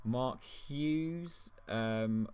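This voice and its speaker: A man's voice: mid-range voice, extremely slow, darkish tone. A man co-hosting a casual podcast, telling stories chattily with many ums and restarts. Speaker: podcast co-host. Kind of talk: casual chat.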